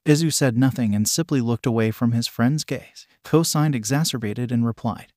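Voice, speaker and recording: A man narrating a fan fiction story in a steady, plain reading. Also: mid-range voice, moderate pace, hardly any pauses, dry recording, studio quality.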